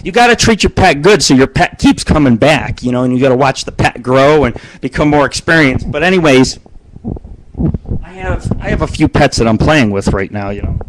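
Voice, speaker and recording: This man hosts a live internet radio show from his home studio, broadcast on video, where he tells meandering, vulgar tales laced with profanity and laughs. He speaks at a moderate pace in a mid-range voice whose pitch swings widely, over poor-quality audio.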